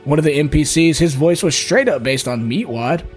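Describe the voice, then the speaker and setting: Casual Southern co-host, higher voice. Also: male voice, animated, moderate pace, soft background music. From Mississippi, US South. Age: middle-aged. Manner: loose and profane, full of "like" and "you know". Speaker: podcast co-host, game master. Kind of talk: casual podcast chat.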